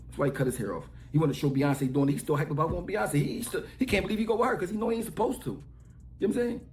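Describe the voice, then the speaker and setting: A man's voice: on the high side, rapid-fire, reverberant. A middle-aged man ranting heatedly, mocking and scolding someone in a played clip. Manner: mocking, scolding, trash-talking.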